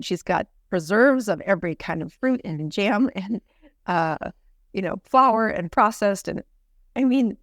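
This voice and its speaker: A woman's voice: medium pitch, dry recording, studio quality. A middle-aged woman physician telling a personal story earnestly, with frequent "you know" restarts. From United States. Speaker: physician guest. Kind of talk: conversational storytelling.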